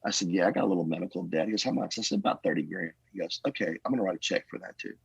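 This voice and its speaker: Man, pastor, very low voice, husky, animated storytelling, dry recording. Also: rapid-fire, no echo, highs cut off. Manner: animated storyteller, acts out quotes. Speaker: guest. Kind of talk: casual storytelling conversation.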